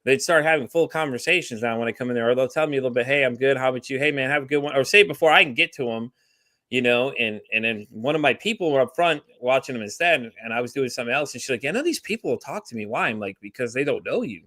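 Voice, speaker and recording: A man's voice: mid-range voice, pushed and bright, no echo, clean studio sound. A man from Texas in a casual podcast chat, telling rambling stories and acting out quoted dialogue. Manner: fast, rambling storyteller who acts out quoted dialogue. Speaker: podcast guest.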